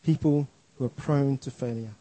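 A man's voice: mid-range voice, moderate pace, mellow, dry recording, rough recording. A man preaching a sermon in an earnest, emphatic way, often restarting his words.

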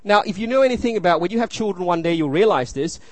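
Male pastor preaching, earnest, repeats himself, fairly high voice, dry sound. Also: animated, fast talker, dry recording. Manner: earnest, repeats phrases, asks the room "you see?". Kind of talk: sermon.

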